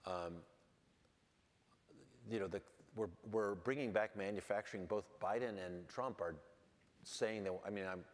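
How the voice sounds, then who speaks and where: A man's voice: lowish voice, unhurried, long pauses. A man speaking as a lawmaker on a panel, talking candidly and bluntly with a wry, self-deprecating edge, on a stage microphone in a large event hall. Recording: long hall reverb.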